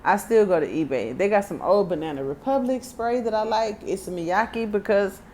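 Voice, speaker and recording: A woman's voice: mid-range voice, animated, moderate pace, darkish tone, a little hiss or hum. A woman in her thirties with a Texan accent, giving a casual tarot card reading with chatty, joking asides while she reads the card text aloud. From Texas. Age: 30s. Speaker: tarot reader.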